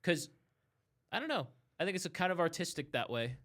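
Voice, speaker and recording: A man's voice: on the high side, sing-song, fairly quick, fairly bright tone. A young man co-hosting a casual podcast chat. He tells rambling stories, full of fillers and laughter. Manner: rambling storyteller, laughs a lot. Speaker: podcast co-host.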